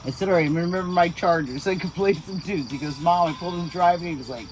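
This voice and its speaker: A woman's voice: lowish voice, quick pace. A woman in her sixties in casual chat, telling family stories and acting out the people she quotes. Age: 60s. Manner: animated storyteller, acts out quoted voices. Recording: noisy outdoor recording.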